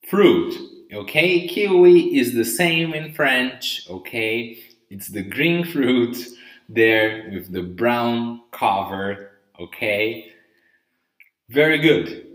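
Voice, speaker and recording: A male English teacher leads a live online vocabulary lesson at a very slow, careful pace. He keeps checking in with his listeners, and his pitch swings widely from word to word. His voice rings out in a noticeably echoey room. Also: fairly bright tone. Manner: slow, patient, often checks with "okay?". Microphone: live stream mic.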